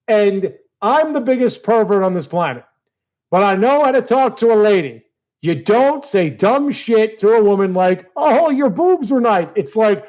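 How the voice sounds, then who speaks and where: A man ranting casually to his audience, profane and exasperated, swinging between low mutters and heated outbursts. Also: a little mellow. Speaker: video creator. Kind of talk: casual rant to camera.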